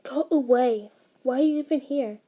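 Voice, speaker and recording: A woman's voice: high-pitched, normal speed, warm tone. A woman reading the lines of a hurt, guarded young woman who talks in a curt and defensive way. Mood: upset. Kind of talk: audio fanfiction reading.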